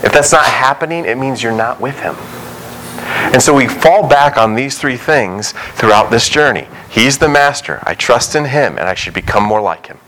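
A man's voice: mid-range voice, expressive, normal speed, a bit bright, slight background noise, rough recording. A young adult male pastor preaching a sermon in a conversational way, acting out quotes and dialogue.

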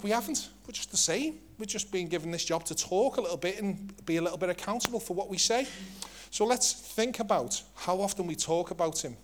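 A middle-aged Englishman with a high-pitched voice preaches a sermon to his church, keeping it lively, joking, and conversational.

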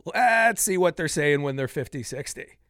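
A man's voice: on the high side, lively intonation, moderate pace, a bit bright, no room sound, clean studio sound. A man in his fifties hosting a solo fitness podcast, talking passionately and getting worked up as he vents. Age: 50s. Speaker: podcast host.

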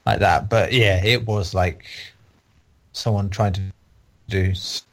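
A man's voice: on the low side, steady tone, slow pace. A man reviewing games in a casual, rambling and opinionated chat. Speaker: game reviewer on a podcast.

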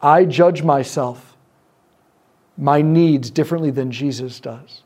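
In a sermon-like talk to a live group, a man whose voice is on the high side and darkish in tone teaches about prayer ministry. He narrates a story, performing the quoted voices and giving his pauses room to land.

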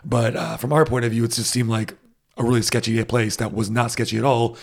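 A man's voice: medium pitch, brisk, creaky. A man telling a travel story in casual chat, with many fillers and restarts. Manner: rambling, animated anecdotes with many fillers and restarts.

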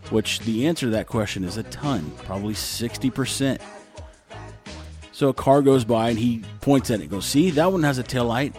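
Vlogger guy from texas, storytelling, animated, plays both sides of the talk, music low in the back. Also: normal speed. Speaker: vlogger telling stories. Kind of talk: casual storytelling.

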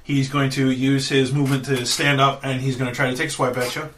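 A man's voice: little pitch movement, a little fast, fairly bright tone, slight background noise. A man narrating as dungeon master of a tabletop game, playful and casual. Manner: playful, puts on squeaky goblin voices.

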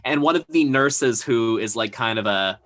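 Man, bright forceful voice, casual podcast chat, rambling retelling. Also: medium pitch, expressive, moderate pace. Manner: rambling, filler-heavy retelling. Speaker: podcast co-host recapping a TV episode.

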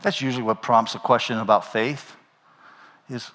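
A man's voice: medium pitch, steady tone, moderate pace, long pauses, fairly bright tone. A man preaching a sermon as pastor, in a conversational style, often checking in with "right?". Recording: long hall reverb.

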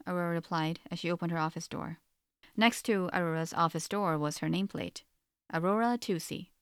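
A woman narrating a story in an audiobook, with a steady, measured reading. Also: low voice, dry recording, studio quality.

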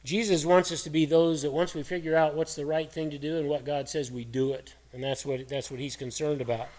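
Hoarse, cracking male pastor, middle-aged, folksy storytelling sermon, slightly high voice. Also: fairly even intonation, brisk, a little mellow. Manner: folksy storytelling preacher, earnest and conversational.

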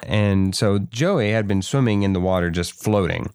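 A man's voice: on the low side, normal speed, a little mellow, clean tone, dry recording, studio quality. A young man chatting casually, hesitant, often restarting and repeating words. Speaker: conversation partner. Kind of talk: casual chat.

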